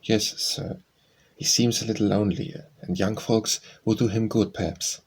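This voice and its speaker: A frank, eager teenage girl in a storybook, quick and direct in her speech, read by a man. The voice stays low and slightly husky. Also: steady tone, a little mellow.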